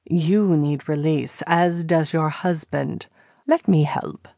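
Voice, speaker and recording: A woman voicing a calm, gentle male sea god in an audiobook, speaking in a measured way. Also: deep voice, gravelly, dry recording, full character voice. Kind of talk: audiobook character reading.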